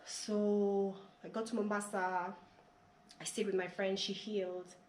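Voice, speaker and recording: In an interview, a woman earnestly tells her own story in a medium-pitched, darkish voice that's a little slow with little pitch movement. She repeats words often, and her voice rises with emotion. The recording has a roomy echo and faint background hiss.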